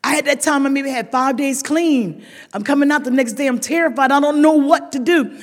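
An older woman sharing a humorous recovery story with a meeting, a lively storyteller who laughs often and rises to shouted emphasis. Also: sits high, brisk. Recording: echoey hall.

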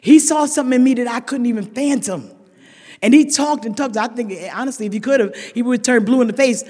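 A woman's voice: a little high, fairly quick. Frank, funny woman in an echoing hall. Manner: frank, humorous storytelling, lively voicing of quoted people. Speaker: speaker sharing at a recovery meeting. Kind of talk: personal recovery testimony. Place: large meeting hall. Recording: reverberant hall with long echo.

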